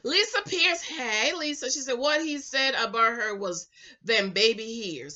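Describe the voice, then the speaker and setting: Loud, animated woman reading comments. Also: fairly high pitch, unhurried. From the Caribbean islands. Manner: animated, loud, laughs often, playful. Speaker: YouTube reality-show reviewer. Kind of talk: casual chat reading viewer comments. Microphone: camera mic, no microphone. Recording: dull lo-fi camera audio.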